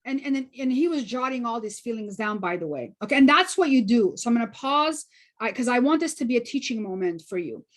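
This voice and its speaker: A middle-aged woman trainer telling a personal story in an animated way, acting out her own thoughts with many fillers. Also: a little high, brisk. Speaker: workshop trainer.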